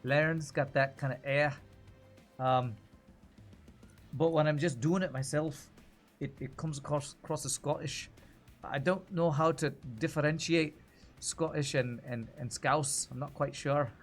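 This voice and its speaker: A man's voice: a little high, fairly even intonation, a little slow, faint music behind. Man thinking aloud on a game stream. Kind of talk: casual gameplay commentary.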